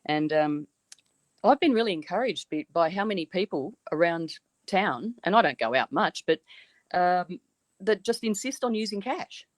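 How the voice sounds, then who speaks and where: A woman's voice: on the low side, animated, normal speed, no room sound. An Australian woman chatting easily as a guest on a podcast. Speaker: podcast guest, weather show creator. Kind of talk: casual chat.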